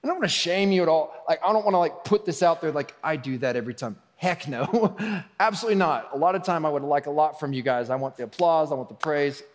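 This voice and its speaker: A man's voice: fairly high pitch, fast talker. Male pastor preaching in a reverberant hall. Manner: conversational preaching, shifts between soft asides and raised emphasis. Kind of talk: sermon.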